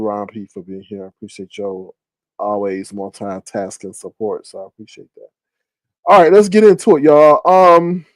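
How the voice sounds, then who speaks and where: A man hosting a casual live stream, chatting with viewers and greeting them by name. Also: dry recording. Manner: animated, shoutouts to viewers, big jumps into high exclaims.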